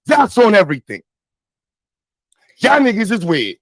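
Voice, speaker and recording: A young man with a Brooklyn accent, ranting angrily to his chat on a livestream, shouting and swearing. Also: high voice, wildly swooping pitch, measured pace, creaky, dry recording, low-quality recording. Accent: Brooklyn, New York. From New York. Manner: angry, shouting, profane.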